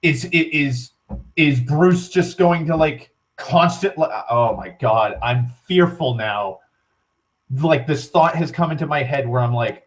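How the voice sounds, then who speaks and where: A young man rants at length in a loose, rambling way, filling his talk with "like" and swearing freely. He often stops and restarts mid-sentence. His voice sits at an ordinary middle pitch. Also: lively intonation, takes it slowly. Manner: rambling, profane, heavy on "like", frequent restarts. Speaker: vlogger. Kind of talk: rambling casual rant.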